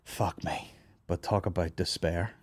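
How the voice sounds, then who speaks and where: This Northern Irish man, in his thirties, hosts a comedy podcast and tells a lengthy, sweary tale while laughing throughout. His low voice has a breathy edge, fairly even intonation, and a measured pace. He's recorded in a studio office without echo.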